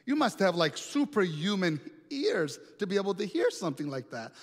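A man preaching, voicing a skeptical friend in a retold story who is incredulous and excitable. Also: sits high, normal speed, in a large hall.

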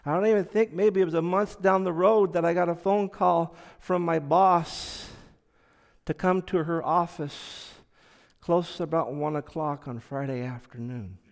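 A man giving a personal testimony, telling it slowly and earnestly, dropping to a hush and then rising loud. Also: on the high side, fairly even intonation, vocal fry, big-room sound. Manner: slow, earnest storytelling that swings from hushed to loud.

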